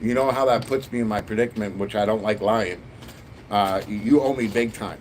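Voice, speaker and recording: A man's voice: on the low side, brisk, slight background noise. Blunt, rambling man. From Canada. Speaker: Lego build streamer. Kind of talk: casual live-stream chat.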